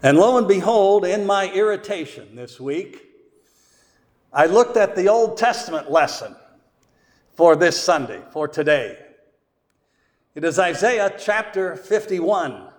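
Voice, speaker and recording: Slow, emphatic man preaching in a hall. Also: sits high, lively intonation. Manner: slow and deliberate, with strong emphasis on key words. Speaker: pastor. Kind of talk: sermon. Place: church.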